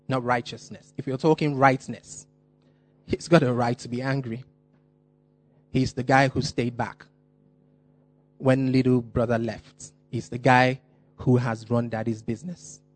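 A man preaching a sermon, stressing and repeating key phrases, slowing down on important words. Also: mid-range voice.

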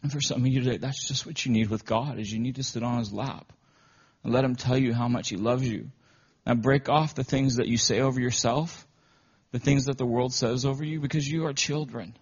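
A man's voice: medium pitch, fairly even intonation, fairly quick, slightly rough. A man preaching a sermon in a conversational, storytelling way, often emotional. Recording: dull lo-fi recording.

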